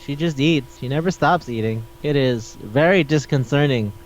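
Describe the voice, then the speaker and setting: A man co-hosting a casual podcast about anime and manga. He talks animatedly, swears freely and keeps slipping into quick voices for the characters. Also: medium pitch, slight background noise. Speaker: podcast co-host. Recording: dull lo-fi sound.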